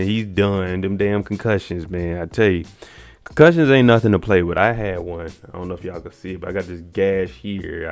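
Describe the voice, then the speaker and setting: Man, gravelly voice, animated casual recap host, soft music under. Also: low voice. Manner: animated, acts out characters' lines.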